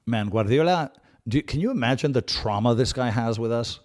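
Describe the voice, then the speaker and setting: A man's voice: mid-range voice, a little fast. Chatty man giving live fan commentary. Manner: calm tactical analysis with sudden excited outbursts; chatty, repeats himself and restarts phrases. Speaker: host of a live match watch-along.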